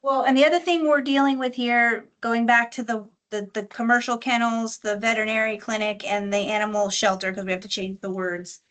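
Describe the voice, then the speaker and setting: Woman, city staff, fairly high voice, explanatory, emphatic. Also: steady tone, brisk, few pauses, a bit bright. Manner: explanatory, emphatic when clarifying. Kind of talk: meeting discussion.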